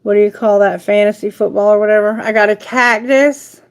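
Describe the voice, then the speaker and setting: A woman's voice: medium pitch, fairly even intonation, brisk. A woman reading tarot on a live stream, chatting casually and affectionately in a rambling way. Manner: affectionate, rambling, baby talk to pets. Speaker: tarot reader.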